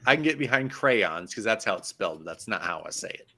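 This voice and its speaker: A man's voice: fairly low pitch, animated, quick pace, pushed and bright. A man co-hosting a casual sports podcast, joking in a slangy, incredulous way. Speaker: podcast co-host.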